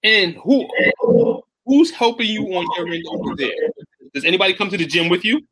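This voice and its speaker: A man's voice: high voice, lively intonation, brisk, pushed and bright, low-quality recording. Encouraging male interviewer. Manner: encouraging, short affirming replies. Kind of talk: supportive interview.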